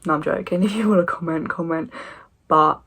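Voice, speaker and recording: A woman in her twenties talking casually to camera as a football fan vlogger, animated and opinionated with sarcastic asides. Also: low voice, brisk, breathy edge.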